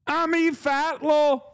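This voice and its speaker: A man's voice: high voice, a bit bright, clear, resonant tone, no room sound, studio quality, voice pushed up. Man mocking a pompous outraged commentator. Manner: exaggerated, theatrical, melodramatic reading. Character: pompous indignant male commentator, mock foreign accent.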